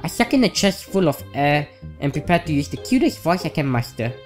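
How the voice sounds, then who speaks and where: A woman's voice: deep voice, very animated, brisk, a little mellow, soft background music. A woman hosting a let's play, reading a visual novel's narration aloud in a chatty, lightly wry way.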